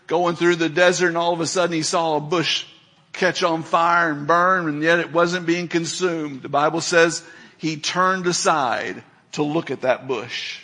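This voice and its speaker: Middle-aged pastor guy preaching, fairly high bright voice, keeps asking the crowd if they're following. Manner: storytelling, emphatic, rhetorical questions to the congregation. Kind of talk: sermon.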